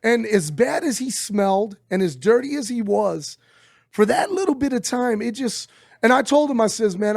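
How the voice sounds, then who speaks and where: Gravelly high-pitched man telling stories. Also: no echo, clean studio sound. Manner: animated, swearing, acts out quotes. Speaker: interview guest. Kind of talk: casual storytelling.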